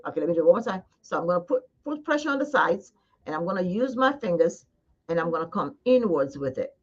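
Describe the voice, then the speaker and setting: This esthetician's voice is on the low side, very animated and breathy-edged, and she talks fast. Demonstrating face massage live in a skincare studio, she chats and coaxes viewers directly, captured in slightly dull lo-fi sound.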